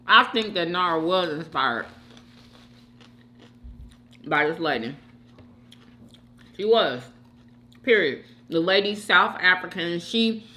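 A woman hosts a mukbang and chats casually between bites. Her pitch swings widely as she talks, and her voice has a bright, forceful edge. She is opinionated and speaks directly to her viewers. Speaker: mukbang host. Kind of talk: casual chat while eating.

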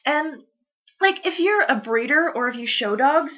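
A woman's voice: sits high, expressive, unhurried, dull audio. A woman vlogging in a casual rant, blunt and profane.

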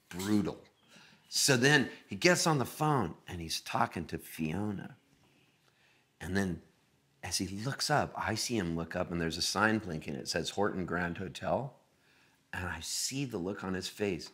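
A man telling a funny story as a guest, animated and often laughing. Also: low-pitched, normal speed. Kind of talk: casual storytelling.

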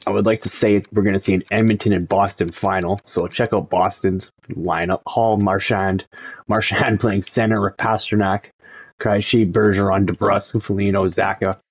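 A young man, casually commenting over a sports video game as he plays and thinks aloud. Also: fairly low pitch. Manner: relaxed, thinking aloud, excited by close results. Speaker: gaming channel host.

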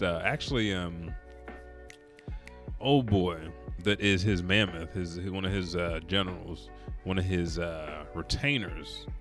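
A tired young man from Oklahoma streams games, his voice sitting low with a touch of brightness. He's been up all night, so he rambles and swears while casually telling stories as he plays.

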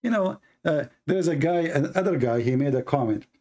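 A man hosting a religious debate, reading a text aloud and mocking it sarcastically with sudden high-pitched jabs. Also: animated, moderate pace, dark tone. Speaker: debate host.

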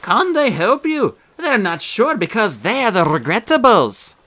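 A man voicing an excitable, playful young boy who talks with eager, dramatic energy. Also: high voice, a little slow, voice pushed up, full character voice. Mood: excited. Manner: eager, dramatic, trailer-voice playacting.

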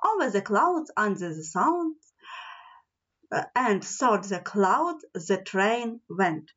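A woman reading a fairy tale aloud as a storyteller, in a slow, sing-song manner, in a dull lo-fi recording. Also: medium pitch, big pitch swings, fairly bright tone, breathy edge.

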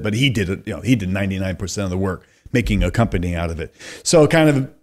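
A man in his fifties from California, a podcast guest telling long animated stories and acting out the voices of people he quotes. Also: on the low side. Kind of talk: conversational storytelling.

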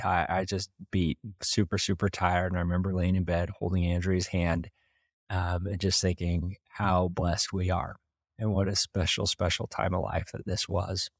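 Man from small-town Idaho, very low voice, earnest storytelling, dry close sound. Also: dry recording. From small-town Idaho, USA. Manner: earnest, heartfelt retelling with occasional chuckles. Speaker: podcast host. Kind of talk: personal storytelling monologue.

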